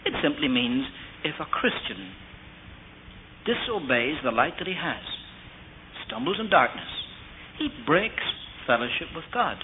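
A man's voice: fairly high pitch, big pitch swings, a little slow, pauses often. A middle-aged male preacher delivers an earnest sermon, weaving in family stories and asking his listeners questions. The sound is thin and phone-like, as from an old tape, with a faint hiss underneath.

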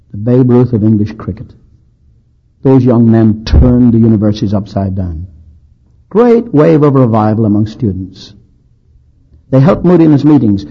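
A man's voice: mid-range voice, breathy edge, muffled recording. A man preaching a sermon, telling historical stories in an anecdotal, dryly humorous, emphatic way.

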